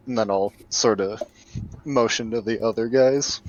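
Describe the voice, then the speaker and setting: Slow-talking man on a dull mic. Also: lowish voice, darkish tone. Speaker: player. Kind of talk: casual tabletop game chat.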